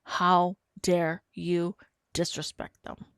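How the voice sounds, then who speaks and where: A woman's voice: on the low side, flat delivery, slow pace, smooth, dry recording, clean studio sound. Woman voicing an angry scolding uncle. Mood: furious. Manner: loud, indignant lecturing. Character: furious scolding middle-aged uncle.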